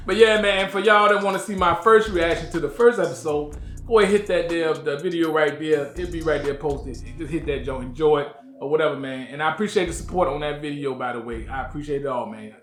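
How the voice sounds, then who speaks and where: A man's voice: fairly high pitch, a bit bright, echoey room. A man hosting his own channel, giving a casual, slangy episode review and talking straight to his viewers.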